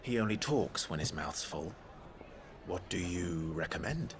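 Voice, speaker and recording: A gruff wry warrior. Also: male voice, low voice, animated, unhurried. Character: gruff middle-aged male warrior, dry-humored. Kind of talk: video game voice acting. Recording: game audio with background noise.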